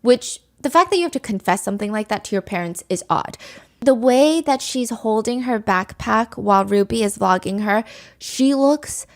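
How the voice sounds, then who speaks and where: A woman's voice: on the high side, expressive, moderate pace. A woman hosting a podcast, telling a true crime story in a candid, conversational way. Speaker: podcast host.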